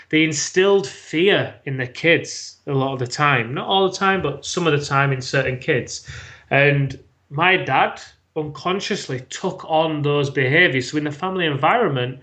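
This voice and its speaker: A man's voice: on the high side, fairly bright tone. A British man telling a personal story as a podcast guest, frank and swearing freely. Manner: frank, swears freely, acts out his own past words.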